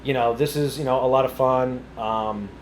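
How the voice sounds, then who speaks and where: A man's voice: medium pitch, fairly even intonation, moderate pace, reverberant, slight background noise. A young man from New England, a podcast guest chatting casually, easygoing and self-deprecating, laughing often. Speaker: podcast guest, content creator. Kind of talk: casual interview chat.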